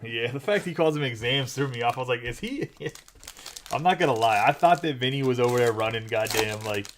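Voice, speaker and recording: A man hosting a live card break, chatting casually and rattling off names quickly. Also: medium pitch, slight background noise.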